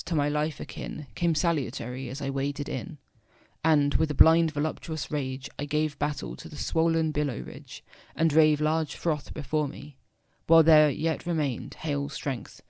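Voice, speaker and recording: A young man at home reading narrative poetry aloud as an amateur audiobook, in a measured, dramatic way. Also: on the high side, creaky, a little mellow, no echo. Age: young adult. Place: home room.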